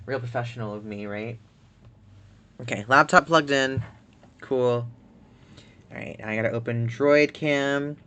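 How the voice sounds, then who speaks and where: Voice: medium pitch, unhurried, pauses often, a bit bright. A streamer giving casual, rambling gameplay commentary, chatty and full of "like". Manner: chatty and rambling, heavy use of "like".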